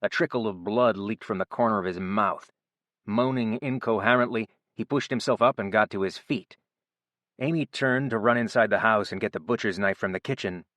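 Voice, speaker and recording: A man narrating an audiobook in a steady, even storytelling voice. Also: on the low side, dry recording. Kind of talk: scripted narration.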